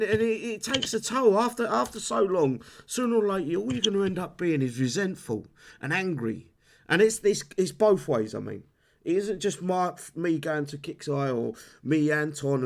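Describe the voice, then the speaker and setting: A man's voice: on the high side, lively intonation, moderate pace, vocal fry. A man hosting a live stream, ranting heatedly about a game with lots of swearing and restarts. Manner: heated, sweary, repeats himself. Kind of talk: casual live-stream rant.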